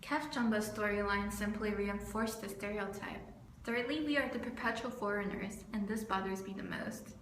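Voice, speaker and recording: A young woman from California, a student narrating her video essay from a script, earnest and steady. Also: medium pitch, moderate pace. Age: young adult. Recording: roomy with faint background noise.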